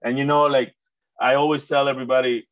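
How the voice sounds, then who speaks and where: A man's voice: medium pitch, level tone, fast talker, no room sound, highs cut off. A man from Mexico interviewing a guest in casual chat, rambling with many restarts. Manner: rambling, many restarts, acts out quoted voices.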